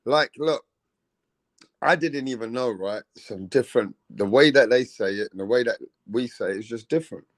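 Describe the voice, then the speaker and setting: A man's voice: medium pitch, normal speed, no room sound. A British man hosting a casual chat, swearing freely and talking with animation. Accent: British English. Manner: swears freely, animated, mimics other accents. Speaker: host.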